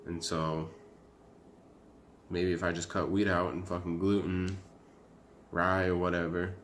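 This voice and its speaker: A man's voice: sits low, slight background noise. A young man ranting bluntly to camera in a casual vlog, rambling and swearing with frequent fillers. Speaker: vlogger.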